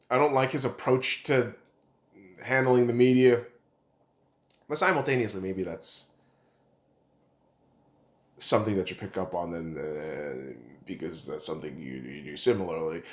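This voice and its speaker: A man's voice: mid-range voice, fairly bright tone. A man hosting a podcast, giving a casual sports opinion rant in a blunt, profane and rambling way. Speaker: podcast host.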